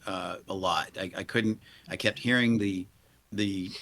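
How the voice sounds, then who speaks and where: A man in his forties speaks as a guest in a podcast interview. His voice sits on the low side. He talks in an earnest, halting way and often restarts his sentences. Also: fairly even intonation, fairly bright tone. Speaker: police leader and guest.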